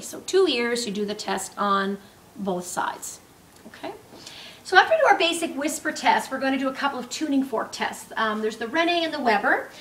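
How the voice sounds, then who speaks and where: A woman teaching a clinical skills demonstration, explaining step by step with frequent pauses and fillers. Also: a little high, a bit bright, slight background noise. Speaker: nursing instructor. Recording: roomy, distant mic with faint ambience.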